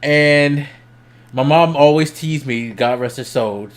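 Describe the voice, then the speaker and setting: A young adult man streaming, telling a story casually, swearing freely and laughing as he goes, his voice jumping up when he gets excited. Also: on the high side, takes it slowly. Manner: laughs between lines.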